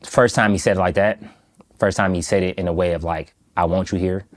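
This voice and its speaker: A man from Michigan, a guest in an interview, recounting a personal story in a slow, halting, reflective way with many pauses. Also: sits low, steady tone. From Michigan, USA.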